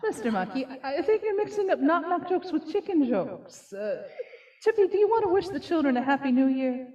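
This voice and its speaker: Woman, high lively voice, cheerful children's time leader, patient, church sanctuary, heard from a distance. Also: brisk, reverberant. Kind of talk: children's time chat with a puppet.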